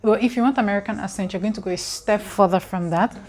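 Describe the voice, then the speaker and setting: A woman talks straight to her camera in a chatty vlog. She delivers an absurd tutorial with a mock-serious, deadpan air, stressing how important each step is. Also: medium pitch, fast talker. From Nigeria. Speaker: vlogger.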